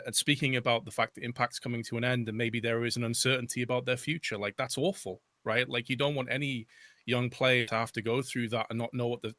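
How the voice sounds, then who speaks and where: A man's voice: mid-range voice, pushed and bright, no echo. A man giving casual esports panel commentary, earnest and repeating words as he thinks. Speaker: esports analyst.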